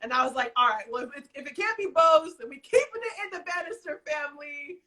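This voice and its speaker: Woman livestream host, effusive and teary, high bright voice. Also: lively intonation, fast. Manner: effusive, tearful, slangy. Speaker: host of a live show. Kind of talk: emotional livestream talk.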